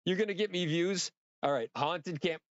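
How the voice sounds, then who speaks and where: A man hosting a casual livestream, rambling and excitable, swearing freely and talking straight to his viewers. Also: high-pitched, moderate pace, no room sound, highs cut off. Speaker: livestream host.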